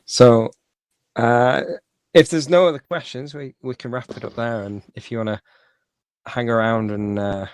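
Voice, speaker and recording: A man hosting a community voice chat, relaxed and laid-back as he wraps things up. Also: mid-range voice, measured pace, smooth, no echo. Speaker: community host. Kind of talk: casual conversation.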